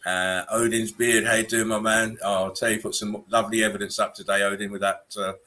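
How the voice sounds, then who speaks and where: A man's voice: lowish voice, level tone, brisk, sharp tone. Chummy man hosting a livestream. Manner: laid-back, chummy, laughs often. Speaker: host. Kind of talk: casual livestream chat.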